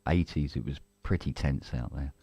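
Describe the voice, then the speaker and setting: A man's voice: very deep voice, moderate pace, dark tone, breathy edge, no room sound. A middle-aged man from England, co-hosting a live stream in casual chat, rambling with restarts and the odd cough.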